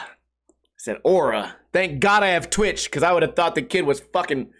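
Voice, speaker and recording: A man hosting his own podcast, telling a story in a casual rant, animated and profane, with comic quoted voices. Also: a little high, normal speed. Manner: profane, comedic. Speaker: podcast host.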